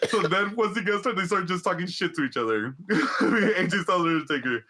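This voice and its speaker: A man co-hosting a casual podcast, retelling events in an animated, laughing way with frequent swearing. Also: high-pitched, fairly quick. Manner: animated, laughing storyteller who swears a lot. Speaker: podcast co-host. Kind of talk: casual chat.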